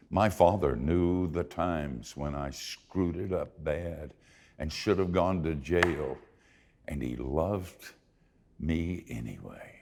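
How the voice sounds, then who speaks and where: An older man preaching a sermon, telling folksy, self-deprecating stories in an expressive way. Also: a bass voice, creaky, big-room sound. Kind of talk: sermon with storytelling.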